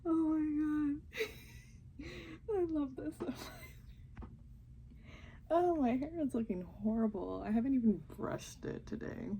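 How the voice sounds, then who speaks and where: Young woman talking quiet and giggly at home, mellow voice, reacting to a show. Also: high voice, measured pace, pauses often, a little hiss or hum, rough recording. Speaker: reaction vlogger. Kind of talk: casual chat reacting to a TV show. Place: home while family sleeps.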